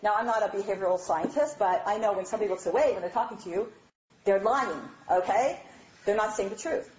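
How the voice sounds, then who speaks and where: A woman giving a lively, chatty lecture on marriage, often checking in with her audience. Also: medium pitch, brisk. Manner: animated, chatty, asks "all right?" often. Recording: dull, roomy hall recording.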